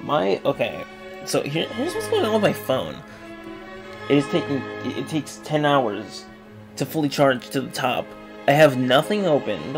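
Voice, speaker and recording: Young man, gameplay commentary, rambling, lively up-and-down voice, fairly high, faint music behind. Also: vocal fry. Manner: rambling, excitable, yelps and laughs when the game goes wrong. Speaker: gaming video creator.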